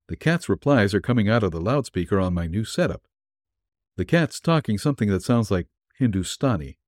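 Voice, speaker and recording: A man's voice: fairly low pitch, lively intonation, brisk, a little mellow, dry recording, studio quality. A man reading a vintage pulp story aloud in a wry, hard-boiled first-person manner. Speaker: narrator.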